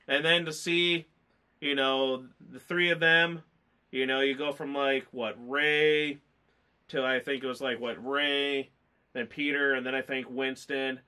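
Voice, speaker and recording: A man talks loosely and emotionally, piling on fillers as he goes. His voice is bright and sharp at an ordinary pitch, and he sounds choked up and close to tears. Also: fairly even intonation, slow pace, clear, resonant tone. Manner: rambling, emotional, lots of fillers. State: tearful, choked up. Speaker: movie reviewer. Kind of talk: casual chat.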